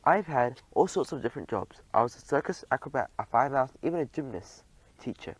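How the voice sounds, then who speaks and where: A man's voice: medium pitch, expressive, fairly quick, slightly rough, no echo, poor audio. A man voicing a cheerful young male French mouse butler in a storybook, eager, confident and chatty.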